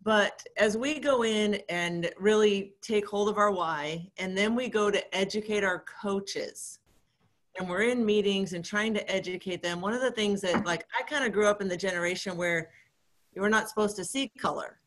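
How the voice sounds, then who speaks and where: A woman in her forties asks a friendly question during a call. She sounds warm, pauses often and uses many fillers, and her voice sits at a middle pitch. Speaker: participant asking a question. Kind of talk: casual question on a video call.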